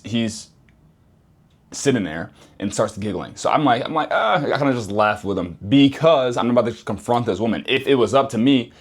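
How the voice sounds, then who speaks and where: Animated man telling a slangy story. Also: medium pitch, slightly rough. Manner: animated, slangy, repeats phrases for emphasis. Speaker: vlogger. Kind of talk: casual storytelling monologue.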